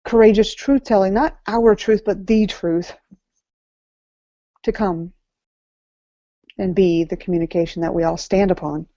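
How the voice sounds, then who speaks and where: A woman life coach delivers a motivational talk at an event with a mellow, warm tone. She is earnest and repeats key lines for weight. The sound is dry and a little muffled. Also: mid-range voice, fairly even intonation, a little slow, long pauses, dry recording. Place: event venue before an audience. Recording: slightly muffled, dry recording.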